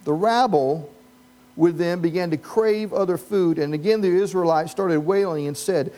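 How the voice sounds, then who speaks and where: A man with a notably high voice delivers a sermon as pastor. He preaches with animated humor, throwing questions to the congregation and riffing on the story. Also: normal speed.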